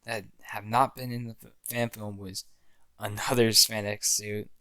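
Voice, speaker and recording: A man's voice: on the low side, flat delivery, a little slow, bright, forceful tone, clean tone, dry recording. Rambling young man recalling his fan film. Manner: rambling, restarts often, acts out his own film lines. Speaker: amateur filmmaker. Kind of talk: casual storytelling.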